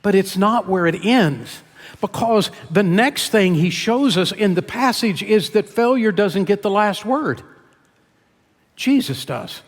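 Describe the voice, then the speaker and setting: A man's voice: high voice, lively intonation, takes it slowly, in a large hall. A man preaching a sermon as pastor, retelling a scripture story in an earnest storytelling manner. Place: church sanctuary.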